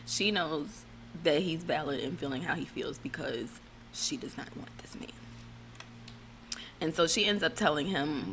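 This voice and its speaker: A woman's voice: low voice, a little slow, pauses often, a bit bright, slight background noise. A woman giving casual, blunt and profane reality TV recap commentary, rambling with fillers and restarts.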